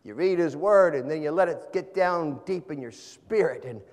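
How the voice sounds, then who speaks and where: Preaching man in a reverberant hall. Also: expressive. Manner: dynamic preaching, swings from loud emphatic to soft and low; repeats and stresses key words slowly. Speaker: pastor. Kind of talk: sermon.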